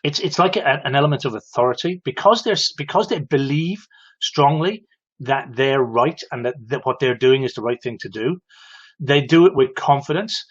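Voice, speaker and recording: A man's voice: medium pitch, expressive, moderate pace. Man giving advice on a dull stream. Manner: explains patiently, addresses viewers directly with tag questions. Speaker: host of a live show for electricians. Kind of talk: live-streamed advice talk.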